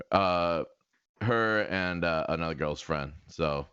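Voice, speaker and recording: A man's voice: low voice, drawn-out words, clear, resonant tone, dry recording, highs cut off. A man co-hosting a casual podcast, telling stories with lots of laughter and repeated words. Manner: animated storyteller, laughs often, repeats himself. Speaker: podcast co-host. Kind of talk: casual chat.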